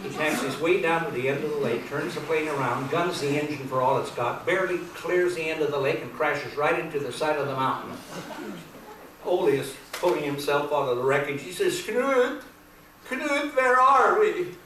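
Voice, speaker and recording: A man's voice: fairly high pitch, brisk. Man, live stage comedian, folksy chuckling storytelling, distant mic, very echoey hall. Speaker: comedian and folk entertainer. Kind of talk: telling jokes live on stage. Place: large grange hall stage. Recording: echoey hall from far off with room noise.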